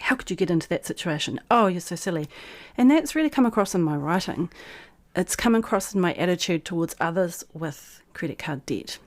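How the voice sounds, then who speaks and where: A woman's voice: on the low side, darkish tone. A woman vlog host who reads her old blog post aloud in a frank, persuasive way, then reflects on it.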